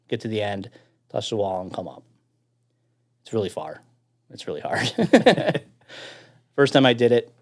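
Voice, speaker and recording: A man with a Chicago accent, a firefighter guest, telling a story in casual chat, laughing often and swearing freely. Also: fairly low pitch.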